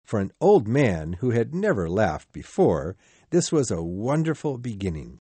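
A man's voice: lowish voice, very animated, a little slow, dark tone, slightly rough, no room sound. A man narrating a storybook aloud, speaking expressively and addressing the reader directly.

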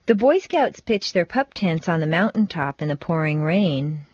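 A woman teaching English pronunciation, reading set phrases and sentences with slow, deliberate, exaggerated stress for learners to repeat. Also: sits low, lively intonation, darkish tone, husky, dry recording, dull audio. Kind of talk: scripted pronunciation drill.

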